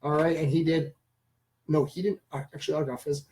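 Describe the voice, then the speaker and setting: Rambling enthusiastic man host, slightly high. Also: flat delivery, a little fast, low-quality recording. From Canada. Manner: rambling, enthusiastic, addresses viewers as ladies and gentlemen. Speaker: channel host. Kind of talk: casual live stream chat.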